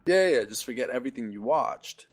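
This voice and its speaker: A man's voice: medium pitch, animated, brisk. A young man co-hosting a podcast, laid-back and agreeable, with teasing banter. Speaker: podcast co-host. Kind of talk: casual chat.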